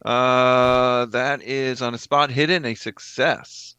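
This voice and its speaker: A man playing a tabletop game, speaking quietly and hesitantly. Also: mid-range voice, steady tone, slow, clear, resonant tone, no room sound, lo-fi sound. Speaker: player. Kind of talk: casual tabletop role-play.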